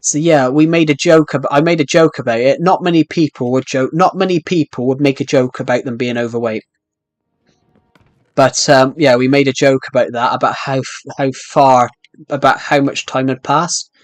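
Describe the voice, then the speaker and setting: A young British man from the United Kingdom chats casually while live-streaming a game, rambling and often restarting his sentences. His voice is medium-pitched at a normal speed, with no echo.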